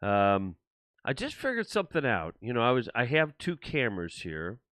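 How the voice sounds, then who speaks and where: A man's voice: mid-range voice, huge pitch swings, normal speed, a bit bright, dry recording. An older man hosting his own livestream show, talking alone to viewers in a rambling, frustrated way, with many restarts. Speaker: show host. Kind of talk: solo livestream talk.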